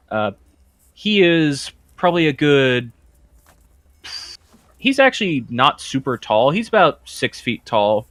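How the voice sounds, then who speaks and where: A man narrating as game master in a relaxed, chatty way full of fillers. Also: mid-range voice, no echo.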